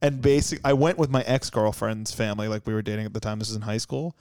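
A man's voice: lowish voice, fast, darkish tone, clear, resonant tone, no echo, clean studio sound. A young man co-hosting a casual chat, crude and joking, mocking bad restaurant reviews. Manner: crude, joking, reads reviews aloud with mock outrage.

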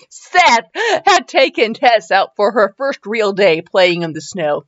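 Brief: high, very animated woman host, giggly rambler reading fanfic, dull lo-fi mic. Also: measured pace, dry recording. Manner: giggly, rambling, self-mocking asides. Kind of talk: comedic commentary and story reading.

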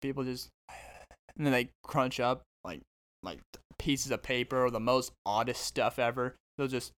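A man's voice: mid-range voice, moderate pace, fairly bright tone. A man hosting his own podcast as a stand-up comedian, rambling and joking straight to his listeners. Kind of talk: casual comedic monologue.

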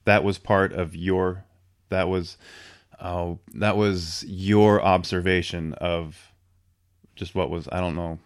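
Man, very low voice, reflective and hesitant, dry close recording. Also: fairly even intonation, takes it slowly, dry recording. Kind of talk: casual chat.

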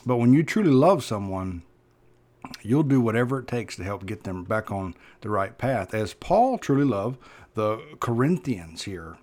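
A pastor preaching with earnest feeling, his voice at a middle pitch. He hammers key words louder, then falls to a hushed, slow close. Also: big pitch swings. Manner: earnest, emphatic preaching with sudden loud stresses and hushed drops. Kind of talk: sermon.

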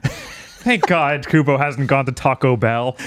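A man hosting a podcast, chatting casually and laughing often. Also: medium pitch. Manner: laughs often, lively and joking. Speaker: podcast host.

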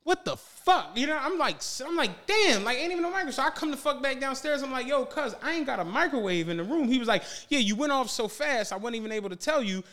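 A man co-hosting a podcast who tells a long story in casual chat, profane and animated, laughing often and acting out what people said. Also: very high-pitched, fast talker, hardly any pauses. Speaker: podcast co-host.

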